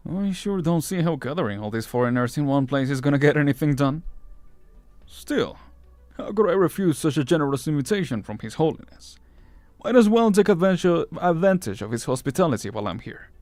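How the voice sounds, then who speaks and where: A man's voice: fairly high pitch, very animated, brisk, darkish tone, no echo, soft background music. A man doing a wry skeptical visitor.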